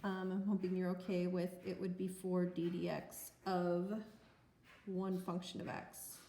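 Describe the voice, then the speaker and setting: A woman's voice: fairly low pitch, completely flat delivery, unhurried, creaky, mellow. A woman teaching math in a recorded lecture, chatty and playful, poking fun at herself with filler ums. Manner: chatty, playful, self-mocking. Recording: roomy echo.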